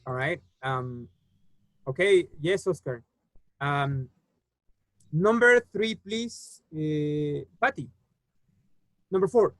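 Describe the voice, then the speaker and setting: A man's voice: a little high, fairly bright tone, dry recording, low-quality recording. Patient male English teacher, dry sound. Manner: patient, explains slowly with many fillers. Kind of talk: online class teaching.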